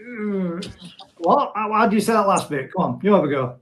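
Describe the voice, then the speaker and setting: A man's voice: sits high, lively intonation, normal speed, a bit bright, low-quality recording. A middle-aged man hosting a casual live stream from home, reading viewer comments aloud and laughing often.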